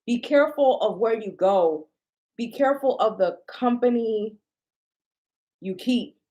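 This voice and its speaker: A woman who vents to her viewers in a casual, indignant monologue. Her delivery is blunt and profane, and she takes her time, drawing out her words at an unhurried pace. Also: on the high side, expressive, warm tone, dull audio. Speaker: shop owner and vlogger.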